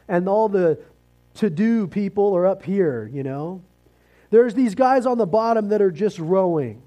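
A male pastor preaching a sermon, reading scripture aloud and then explaining it in a relaxed, conversational way with asides. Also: high-pitched, low-quality recording. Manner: rises and falls in emphasis, with asides.

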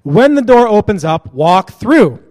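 High-voiced preacher in a reverberant hall. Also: male voice, big pitch swings, a little slow, darkish tone. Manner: casual, joking and blunt, laughs often. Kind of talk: sermon.

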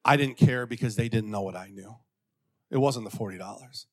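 Man preaching with lively storytelling. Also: brisk. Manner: animated, acts out quotes in a raised pitch; drops to a quiet, intimate tone. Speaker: pastor. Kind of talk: sermon storytelling.

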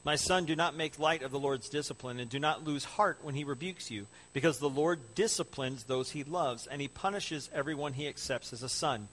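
A man preaching a sermon as a pastor, building to loud excitement and then dropping to hushed, soft tones. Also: a little high, a little fast, hardly any pauses.

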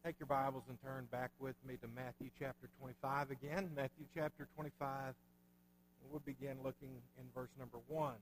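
A man preaching a sermon, telling folksy stories in a relaxed, conversational way. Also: medium pitch, fairly quick, slight background noise. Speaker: pastor. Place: church sanctuary. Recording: long hall reverb.

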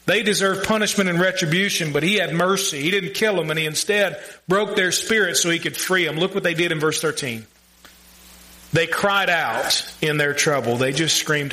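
A man preaching a sermon, earnest and conversational, with emphatic pauses and direct questions to the congregation. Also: high voice, bright, forceful tone, poor audio. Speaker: pastor.

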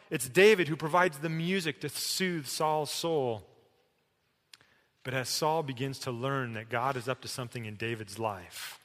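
A middle-aged man preaching a sermon, emphatic, swinging between loud declarations and hushed pleading. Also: mid-range voice. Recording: long hall reverb.

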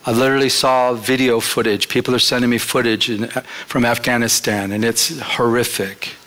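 A man's voice: medium pitch, little pitch movement, moderate pace, a bit bright. A man preaching a sermon in an earnest, conversational way, telling stories from his own life and repeating his phrases. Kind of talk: sermon with personal storytelling.

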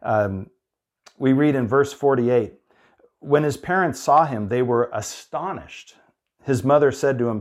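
A man preaching a sermon in an unhurried, conversational way, dropping into playful voiced asides. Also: mid-range voice. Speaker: pastor.

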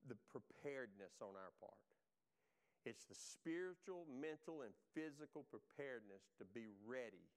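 A man preaching a sermon, talking straight to his congregation in an animated way, his voice rising and falling widely in pitch and loudness. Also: smooth. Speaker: pastor.

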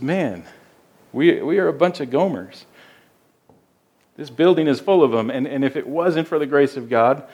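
A man's voice: medium pitch, darkish tone. A man preaching a sermon as pastor, earnest and emphatic, often repeating words as he goes.

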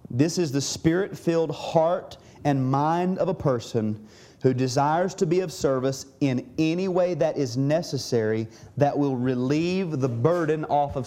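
A male pastor teaching his congregation in an earnest sermon. His voice sits a little high yet sounds dark and mellow. He often stumbles and repeats words as he works through his points.

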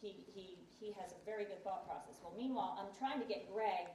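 A woman's voice: medium pitch, fairly quick, a little mellow, echoey room, distant mic, a little hiss or hum, poor audio. A woman casually telling a personal story, chatty and acting out what others said. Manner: chatty, acts out quoted voices. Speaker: guest telling her faith story.

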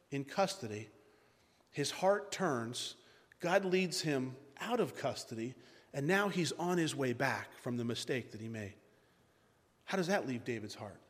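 A man preaching a sermon as pastor, emphatic and repeating key phrases. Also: a little high. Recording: long hall reverb.

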